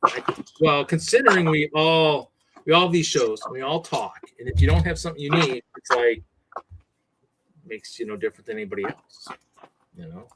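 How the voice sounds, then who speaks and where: A man co-hosting a casual livestream chat while building, talking in a rambling, animated way. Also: on the high side, normal speed, background noise. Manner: rambling, animated, puts on voices.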